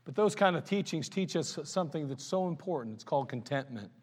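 High-voiced preacher in a reverberant church. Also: male voice, expressive, brisk, slightly rough. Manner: folksy storytelling, swings from loud to quiet. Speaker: pastor. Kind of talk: sermon. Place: church sanctuary. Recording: long hall reverb in a church.

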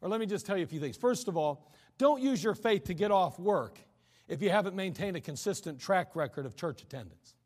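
A man's voice: sits high, lively intonation, brisk, darkish tone, long reverb tail. A man preaching a sermon in a conversational way, acting out the voices of people he quotes. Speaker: pastor.

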